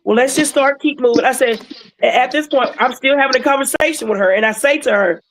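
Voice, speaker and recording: A woman telling a client's story in a casual, animated way, with emotional moments. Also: sits high, fast talker, poor audio. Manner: animated, emotional retelling with acted quotes. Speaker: wellness patch seller sharing a client story.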